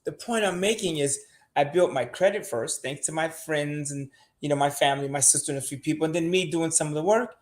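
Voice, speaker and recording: A man's voice: fairly high pitch, brisk. An older man, a show regular, giving blunt money advice in casual podcast talk and swearing freely.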